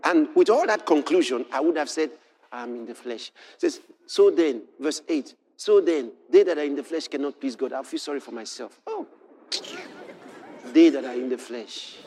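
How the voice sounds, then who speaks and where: A man preaching a sermon. He moves from quiet storytelling to shouted exhortation and quotes scripture in old-fashioned wording. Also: on the high side, expressive, moderate pace.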